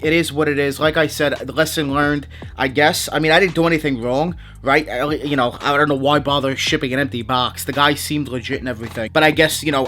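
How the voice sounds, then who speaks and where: A young man vlogging to camera with a bright, forceful voice that sits a little high. He rants and repeats himself in a casual, unscripted way. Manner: angry ranting, repeating himself. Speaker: sneaker vlogger.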